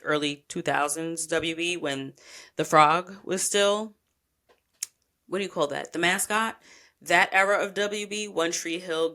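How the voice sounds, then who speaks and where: A woman's voice: deep voice, fairly bright tone. A woman podcast host telling a travel story in a chatty, rambling way, with casual swearing and lots of asides.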